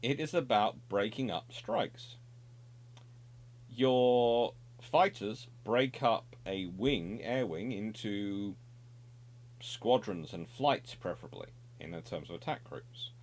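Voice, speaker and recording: A man's voice: fairly low pitch, expressive, takes it slowly. A middle-aged man presenting naval history in an unscripted, discursive explanatory monologue. He corrects himself often and adds wry asides.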